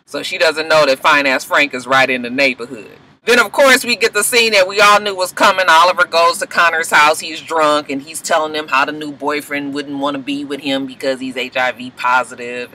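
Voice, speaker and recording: A young woman vlogger recapping a TV episode in a chatty, profane, animated way. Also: sits low, a little fast, few pauses, rough recording. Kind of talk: casual chat.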